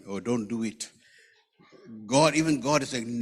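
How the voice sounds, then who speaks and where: A man preaching in a church hall, his mid-pitched voice carrying a long trailing reverb. He talks like a rambling, joking storyteller and then reads scripture aloud. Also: big pitch swings, moderate pace, slightly rough. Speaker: pastor. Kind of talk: conversational sermon with humorous asides.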